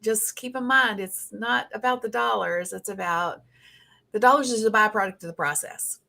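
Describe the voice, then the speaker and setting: A woman's voice: medium pitch, moderate pace, gravelly, bright, forceful tone. A woman with a Southern accent hosting a casual interview, chatty and folksy, with plenty of fillers. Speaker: host.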